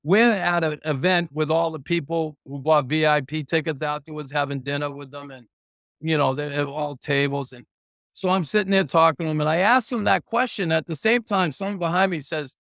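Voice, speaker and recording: A retired pro hockey player telling rambling, profane stories as a guest in a casual interview, chuckling along the way. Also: male voice, a little high, fairly quick, a bit bright, dry recording, clean studio sound.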